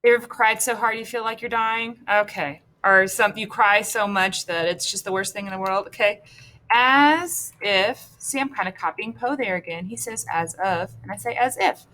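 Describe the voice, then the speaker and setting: A woman's voice: medium pitch, normal speed, sharp tone. A woman teacher walking students through a lesson online, thinking aloud as she composes, playful and encouraging.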